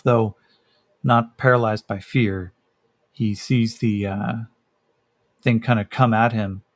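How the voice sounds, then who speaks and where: A man narrating a solo tabletop role-playing game as game master, casual and hesitant with many fillers. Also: mid-range voice.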